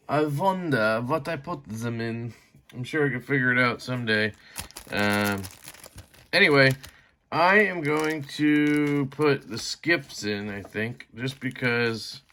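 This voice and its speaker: A knife reviewer with a bright, mid-range, expressive voice rambles slowly through a casual disassembly vlog, with long pauses. Self-deprecating, he talks to viewers while fiddling, grumbling and swearing mildly.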